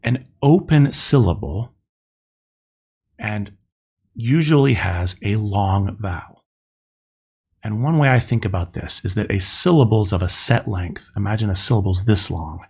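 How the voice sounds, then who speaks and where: A middle-aged man gives a recorded classroom lecture, breaking ideas into small steps and pausing over each sound. His voice sits low and carries a gravelly fry. There is a husky edge to his tone. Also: darkish tone. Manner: slow, methodical explaining, spelling out sounds. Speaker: teacher.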